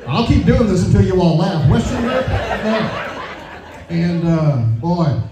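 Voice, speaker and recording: A man's voice: high voice, animated, a little slow, noisy background. Southern-accented male comic, drawling crowd banter, distant reverberant club sound. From South Louisiana. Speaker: stand-up comedian and show emcee. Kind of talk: stand-up comedy set. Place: comedy club stage. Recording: echoey club heard from a distance with audience. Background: audience laughter.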